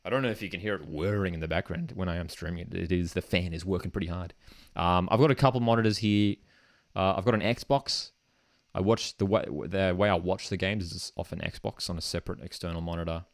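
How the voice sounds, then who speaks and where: Brief: man, football watchalong host, low voice, casual and keen. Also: fairly quick, no room sound. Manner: casual and enthusiastic, often says "man". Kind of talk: live match watchalong commentary. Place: home streaming desk setup.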